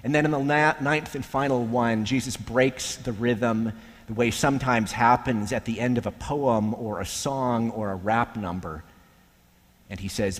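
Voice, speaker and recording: A man with a mid-range voice preaches a sermon slowly and deliberately, leaving long pauses and sometimes dropping to a hush. The recording is in an echoey hall with long reverb.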